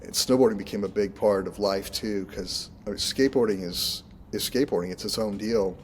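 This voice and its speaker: Laid-back oregon guy, kinda low voice, rambly, laughs a lot, bit of hiss behind. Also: fairly quick. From Oregon, United States. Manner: relaxed, rambling, laughs often. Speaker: minister and contractor, guest. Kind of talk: casual interview chat.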